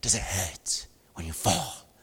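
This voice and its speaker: Man doing a sinister demon voice, slow, dark, half-whispered, long hall reverb. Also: slightly rough, exaggerated voice. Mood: menacing. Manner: slow, low whispered taunting. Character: menacing demonic male voice on a late-night phone call.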